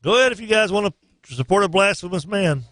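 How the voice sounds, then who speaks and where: A man's voice: high voice, animated, fast talker, a bit bright, no room sound. A man hosting a morning sports radio show from a studio. He runs through his picks in a loose, joking way with a slightly raised voice. The sound is dry and close. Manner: loose, joking, sings snatches of songs.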